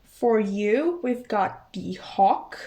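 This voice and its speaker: A young woman giving a casual tarot reading, taking her time over each card. She talks slowly and in a chatty way, thinks aloud, restarts her sentences and apologizes often, in a voice of middling pitch. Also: animated, mellow. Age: young adult. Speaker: tarot reader.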